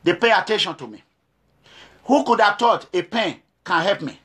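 A man's voice: sits high, expressive, normal speed, a bit bright, breathy edge. A middle-aged man from Nigeria with a Nigerian accent, giving an impassioned, emphatic monologue to camera, repeating himself and firing off rhetorical questions. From Nigeria, Edo State. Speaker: activist.

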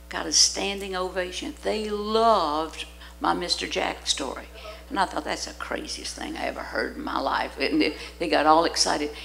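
A woman's voice: sits low, creaky, a bit bright, low-quality recording. An older woman preaching in church, telling stories with lots of energy, acting out the voices she quotes and laughing often. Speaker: guest preacher. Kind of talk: sermon with storytelling. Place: church sanctuary.

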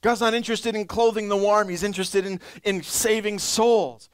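A young male pastor preaching a sermon, reading scripture slowly and acting out pleading churchgoers in a higher voice. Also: steady tone, clean tone, no echo. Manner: reads scripture slowly, then acts out pleading churchgoers in a high voice.

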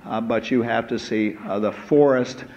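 A man delivers a university lecture in a hall at a middling pitch, pausing often on "uh" and drifting into asides. The recording is muffled and lo-fi, with a faint hiss behind him. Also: steady tone, a little mellow. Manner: unhurried, full of "uh" hesitations and asides.

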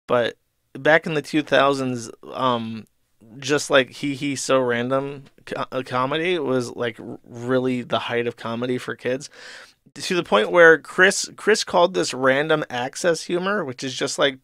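A man's voice: mid-range voice, a bit bright, clear, resonant tone, no echo, clean studio sound. A man in his thirties hosting, rambling through a comic with crude swearing and many fillers. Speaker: host. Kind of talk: casual commentary reading a comic.

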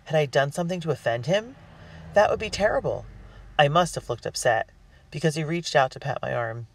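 A man narrating a storybook in the first person with an earnest, expressive delivery. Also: on the high side, brisk, gravelly. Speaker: audiobook reader. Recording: dry, distant mic.

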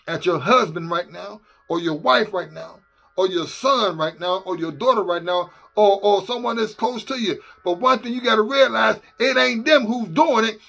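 A man preaching a fervent sermon as a minister, emphatic and repetitive, sometimes rising to shouts. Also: sits high, vocal fry.

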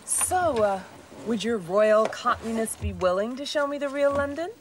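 An actress as a brash, teasing niece. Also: female voice, on the high side, moderate pace, lightly acted. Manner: teasing, forthright. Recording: noisy old TV audio.

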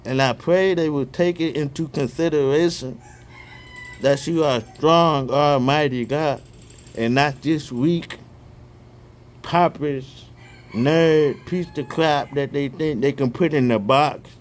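A man praying fervently and reading scripture aloud outdoors, excitable and stumbling over repeated words, speaking each punctuation mark aloud. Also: a little high, slow. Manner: reads punctuation marks aloud. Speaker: online Bible reader.

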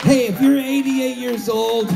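A man in his fifties telling comic stories between songs on a concert stage, animated and shouting out his punchlines. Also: very high-pitched, unhurried, creaky, loud music behind the voice, a loud crowd. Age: 50s. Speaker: singer-songwriter on stage. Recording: live concert audio from a distance.

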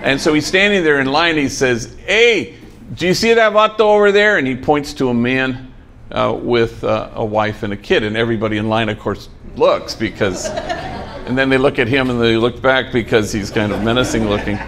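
Speaking to trainees at his program for former gang members, inside its own building, a priest shares an inspiring story laced with folksy deadpan wit and some Spanish slang. His mid-range, slightly bright voice keeps fairly even intonation at a normal speed, with slight background noise.

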